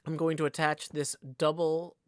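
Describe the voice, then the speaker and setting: In a clear, resonant, somewhat high voice that stays monotone at a normal speed, a man streams a card game. The recording has no echo, and he chats playfully, calling his plays and adding joking asides.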